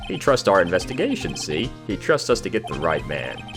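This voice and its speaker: A man voicing a loyal, gruff police detective in an earnest, folksy way, over game music. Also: sits low, sing-song, fairly quick. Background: video game music.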